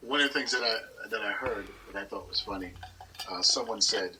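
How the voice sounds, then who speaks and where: A man's voice: fairly low pitch, measured pace. A man hosting a podcast interview in a casual, reflective way. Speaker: podcast host. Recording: faint noise, mic at a distance.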